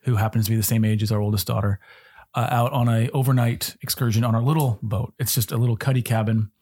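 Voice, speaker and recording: A man's voice: medium pitch, fairly even intonation, quick pace, darkish tone, breathy edge. A middle-aged man co-hosting a casual faith-based parenting chat, earnest and a little preachy with joking asides. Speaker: podcast co-host.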